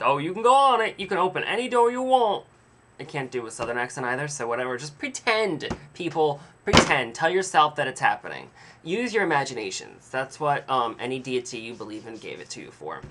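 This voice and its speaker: Brief: rambling vlogger, self-deprecating, bright voice. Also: male voice, mid-range voice. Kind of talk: casual storytelling.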